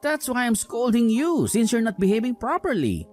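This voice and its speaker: In a dramatized story dialogue, a woman voices a young, hot-tempered husband devoted to his mother, speaking accusingly and scoldingly. Her voice is a little high and mildly mellow, with big pitch swings at a moderate pace, over soft background music.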